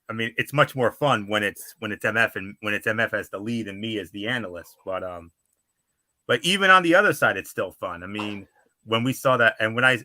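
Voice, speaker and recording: A man's voice: mid-range voice, sharp tone, no room sound. A man co-hosting a casual wrestling recap podcast, chatty and full of fillers as he breaks down the matches. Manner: chatty, with frequent fillers and restarts. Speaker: wrestling show co-host and analyst.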